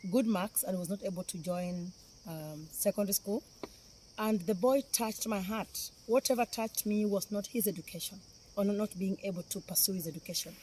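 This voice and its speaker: A middle-aged woman with a Kenyan accent, a philanthropist speaking on camera, makes a heartfelt, emotional appeal and repeats phrases for emphasis. Her voice is medium-pitched and mellow, with slight background noise.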